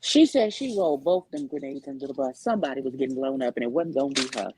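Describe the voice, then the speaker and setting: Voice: medium pitch, lively intonation, fast talker, background noise. A panelist in casual panel chat, sassy and drawling.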